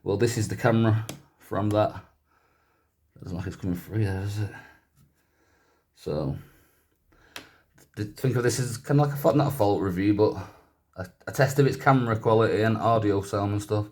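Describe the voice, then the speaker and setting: Man, low-pitched, rambling casual teardown chat, self-correcting. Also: moderate pace, long pauses, darkish tone. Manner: chatty and rambling, often corrects himself. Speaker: YouTuber doing a gadget teardown.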